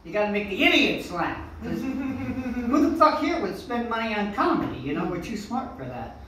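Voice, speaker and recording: An older stand-up comedian doing a rambling, profane set with loud swings, on a comedy club stage. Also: medium pitch, sing-song, normal speed, slight background noise. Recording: echoey room from a distant mic.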